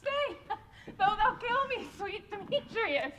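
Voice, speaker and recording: A woman's voice: extremely high pitch, big pitch swings, takes it slowly, background noise, exaggerated voice. A woman playing a lovelorn, desperate young woman in a live stage Shakespeare performance, laughing breathlessly through her hurt. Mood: pleading.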